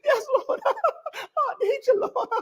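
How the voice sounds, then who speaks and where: A man putting on a desperate believer who shouts, cries and pleads in fervent prayer. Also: very high-pitched, very animated, takes it slowly, voice pushed up, heavily acted. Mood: wailing, pleading. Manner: shouting, laughing and crying, pleading.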